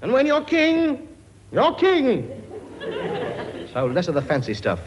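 A man's voice: extremely high pitch, wildly swooping pitch, takes it slowly, lo-fi sound, background noise, heavily acted. A man playing a blustering king who bosses his many children, talking brashly and cracking jokes in a studio comedy sketch. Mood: bossy. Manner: brash, bossy, wisecracking. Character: blustering cockney-style king, bossy father of many. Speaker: comic actor playing a king.

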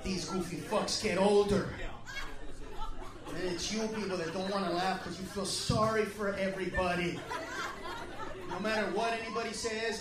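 A man with a very high voice rants through a profane stand-up set, dropping to mutters and then bursting into shouts. The sound is roomy and echoey, and the laughter of a live club crowd comes through beneath him, along with background noise. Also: steady tone, normal speed, long pauses, distant mic. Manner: loud, profane, ranting, swings from quiet mutters to shouts. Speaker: stand-up comedian. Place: comedy club stage with a live audience.

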